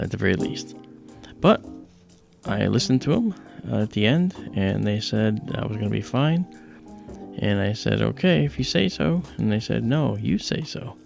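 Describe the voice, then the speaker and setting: A man's voice: fairly low pitch, vocal fry, a little mellow. A man hosting a livestream, chatting casually and telling a personal story with many fillers and acted-out quotes. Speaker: livestream host.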